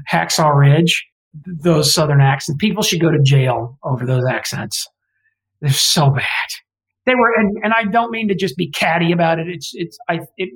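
A man's voice: fairly high pitch, low-quality recording. A man from Alabama talking as a guest historian in an interview, digressive and opinionated, often correcting himself mid-sentence. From Alabama, US South. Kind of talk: conversational interview.

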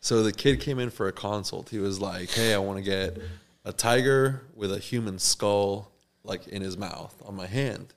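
A man's voice: lowish voice, moderate pace. A young man, a tattoo artist, telling a story in a casual podcast chat and acting out the people in it. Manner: animated, acts out the people in his story.

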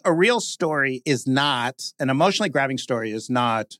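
A man talking in an animated, conversational way, his voice climbing and dipping a lot as he goes. He slips into mock announcer tones and fills his talk with "like." The sound is close and dry. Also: medium pitch, a little fast, hardly any pauses, dry recording. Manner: lively, mimics stiff announcer voices, says "like" often. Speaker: guest speaker, podcast creator.

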